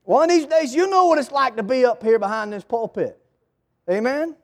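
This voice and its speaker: A man's voice: extremely high pitch, animated, normal speed, a little mellow. A male preacher giving a storytelling sermon in a church, often calling on the congregation for amens. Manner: call-and-response, storytelling.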